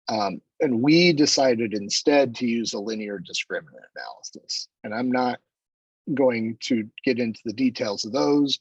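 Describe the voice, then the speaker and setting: A man giving a chemistry seminar, explaining his research in a relaxed, conversational way with self-deprecating asides. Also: mid-range voice, breathy edge, dry recording, lo-fi sound. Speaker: chemistry lecturer. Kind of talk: academic seminar talk.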